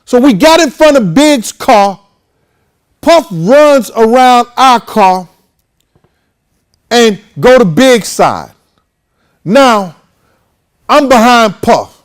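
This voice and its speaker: A man's voice: extremely high pitch, lively intonation, extremely slow, long pauses. A man hosting a show who tells a story casually and with animation. He swears often and acts out the voices of the people in it. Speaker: host.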